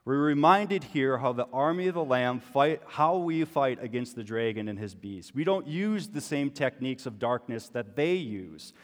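A man's voice: medium pitch, expressive, moderate pace, hardly any pauses. Male pastor, conversational sermon delivery, rhetorical questions, long hall reverb.

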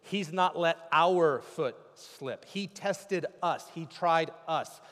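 A man preaching a sermon as pastor, swinging from loud cries to hushed, intimate speech. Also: a little high, slow, big-room sound.

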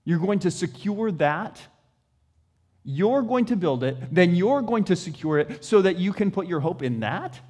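A man's voice: sits high, sing-song, a little slow, a little mellow. A man preaching a sermon on scripture in an emphatic, questioning way.

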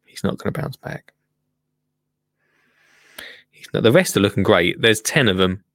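A man's voice: on the low side, lively intonation, unhurried, gravelly, a bit bright, dry recording, clean studio sound. A man chatting casually as he reacts to a gardening clip, jokey and rambling with many asides. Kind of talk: casual chat commentary.

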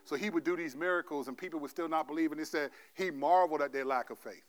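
Animated, high-voiced male pastor preaching. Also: fast talker. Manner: animated storytelling, acts out God's voice with slangy asides; drops to a soft, quiet delivery for the exhortation. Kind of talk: sermon.

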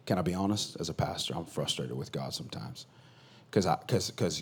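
A man's voice: sits low, lively intonation, brisk, slightly rough. Conversational man preaching a sermon. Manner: conversational, swings between loud bursts and quiet asides. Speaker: pastor.

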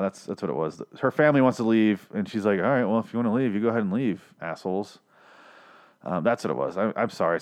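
A man casually recapping a TV episode, rambling and swearing, with self-deprecating asides and frequent restarts. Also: fairly low pitch. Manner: profane, ranting, rambling with restarts. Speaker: show recap podcaster.

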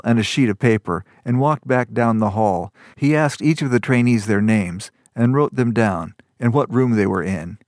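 Dry-voiced male audiobook narrator. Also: no echo. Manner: even, measured storytelling, lifts pitch for dialogue. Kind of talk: scripted fantasy narration.

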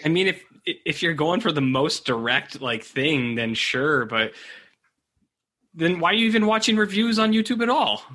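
A man's voice: fairly high pitch, expressive, normal speed, sharp tone. A man co-hosting a podcast in casual chat, joking and playful. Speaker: podcast co-host.

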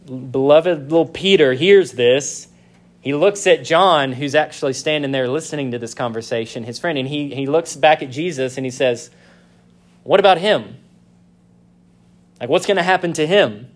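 A male pastor preaching a sermon, reading scripture slowly and leaning on key words. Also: fairly high pitch.

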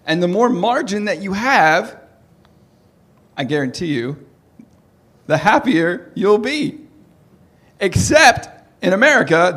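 A man's voice: high voice, fairly bright tone. A man preaching a sermon in a joking, conversational way, asking his audience questions.

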